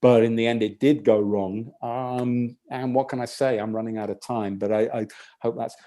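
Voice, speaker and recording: A man doing a rambling stand-up set, telling a long story in a halting, deadpan way full of restarts. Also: mid-range voice. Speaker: stand-up comedian.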